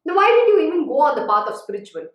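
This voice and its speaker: A woman delivers a spiritual sermon, stressing her warnings and scolding her listeners. Her voice sits high. The recording has a heavy room echo. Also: sing-song, very fast. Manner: emphatic, admonishing, repeats warnings. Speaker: spiritual teacher. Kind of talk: sermon-style scripture exposition. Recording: very echoey room.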